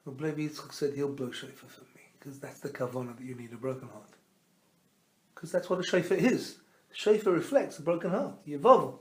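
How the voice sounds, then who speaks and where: Rabbi guy teaching a torah class, bit high voice, tells it like a story, lots of hebrew words, echoey room. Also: fairly quick, a little hiss or hum. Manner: animated storyteller, quizzes his listeners; mixes Hebrew terms into his teaching. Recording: roomy echo.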